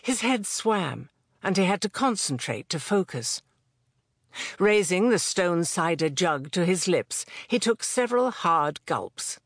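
Audiobook narrator, mid-pitched voice, measured delivery, dry close recording. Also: very animated, a bit bright, dry recording. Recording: dry close studio sound.

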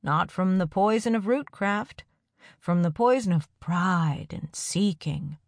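A kind village teacher from a storybook, gentle and soft-spoken, turning nervous and halting under pressure, as a woman narrator plays him. His lines come slow and low, in a close, dry recording. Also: dry recording.

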